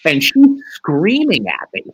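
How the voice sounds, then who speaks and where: A man with a fairly high, very lively voice, telling a long story as a guest on a live stream. He swears freely and throws his voice up high when he acts out what other people said. His speech swings widely in pitch from line to line. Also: measured pace, husky, poor audio. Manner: profane, acts out quoted lines in a raised voice. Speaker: livestream guest. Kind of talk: animated storytelling.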